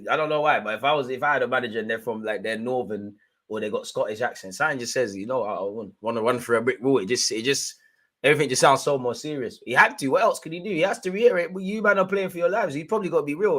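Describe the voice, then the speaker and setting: An animated young man calls a football match live for his viewers, full of street slang. He talks in a steady, mid-pitched voice that climbs into heated outbursts aimed at the referee. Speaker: live match watchalong host. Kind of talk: excitable live football commentary and reaction.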